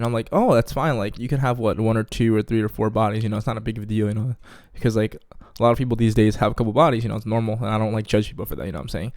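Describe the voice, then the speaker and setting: A man's voice: on the low side, fairly even intonation, rapid-fire, darkish tone, no room sound, clean studio sound. A young man telling a casual storytime, slangy and full of "you feel me?".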